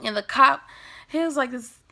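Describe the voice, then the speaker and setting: Young woman vlogger, animated storyteller, bright voice with some fry. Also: sits high, normal speed. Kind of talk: storytime vlog.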